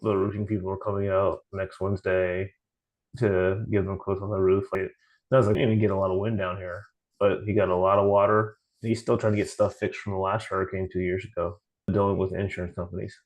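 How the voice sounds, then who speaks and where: A man with a fairly low voice talks loosely on a podcast, retelling conversations by quoting people. He often trips over his words and restarts them. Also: level tone, fairly quick, a little mellow, low-quality recording. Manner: storytelling, quoting others, frequent restarts. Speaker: podcast host. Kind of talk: casual chat.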